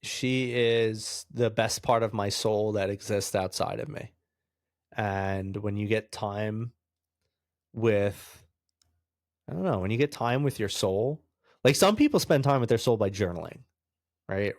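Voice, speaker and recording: A man's voice: on the low side, a little slow, dry recording, clean studio sound. A man in his thirties from New York, telling stories with frequent laughter as a podcast guest. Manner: animated storyteller, laughs often, acts out other voices. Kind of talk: casual storytelling interview.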